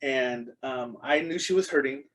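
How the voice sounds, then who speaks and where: A man's voice: mid-range voice, measured pace, a bit bright, low-quality recording. A middle-aged man as a podcast guest, speaking in casual interview chat, an earnest storyteller full of ums and restarts.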